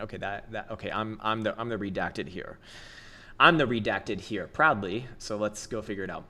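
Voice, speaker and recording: A man's voice: fairly low pitch, normal speed, pushed and bright. A man hosting a crypto trading livestream, talking casually and bluntly with heavy swearing, frequent laughs and rambling restarts. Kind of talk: casual livestream chart commentary.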